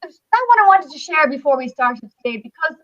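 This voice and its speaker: Bright high-voiced Northern Irish woman. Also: a little fast, highs cut off. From Northern Ireland. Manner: lively, chatty, enthusiastic. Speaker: travel company guest. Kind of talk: radio talk show storytelling and pitch.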